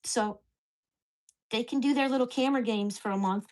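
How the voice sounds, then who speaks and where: A woman's voice: on the high side, moderate pace. A woman vlogger at home, venting angrily and swearing about her neighbors. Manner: ranting, profane, indignant. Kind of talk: angry venting vlog.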